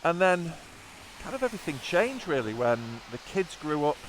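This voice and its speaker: A man's voice: a little high, very animated, normal speed, slight background noise. A man, talking in a rambling, sweary, sardonic way on a rainy motorbike trip outdoors. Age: 50s. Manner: sweary, sardonic, wandering asides. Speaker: motorcycle vlogger. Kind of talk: rambling spoken vlog.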